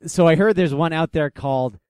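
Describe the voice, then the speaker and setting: Smooth-voiced chatty man on a dry podcast mic. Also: fairly high pitch, a little fast, a little mellow, no room sound. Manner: chatty, laughs often, asks the others questions. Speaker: podcast co-host. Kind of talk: casual chat.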